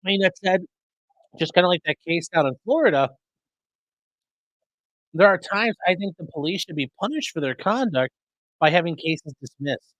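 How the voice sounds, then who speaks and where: Streamer host, male, casual chat to viewers, animated delivery, dry close mic. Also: on the high side, moderate pace, long pauses, no room sound, low-quality recording. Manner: chatty, rambling, fixing mic settings mid-stream. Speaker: livestream host reading chat. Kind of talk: casual live commentary. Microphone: streaming desk mic.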